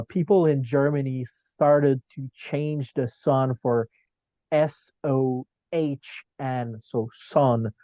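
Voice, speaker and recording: A man's voice: mid-range voice, warm tone, no room sound, muffled recording. A man talking as a podcast guest in casual chat, hesitant and hedging, with many filler ums.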